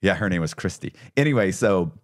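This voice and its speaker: A man's voice: low voice, brisk. A man talking as a podcast guest, telling his story casually and acting out what other people said. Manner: animated, acts out others' lines in quotes. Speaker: podcast guest, former con artist.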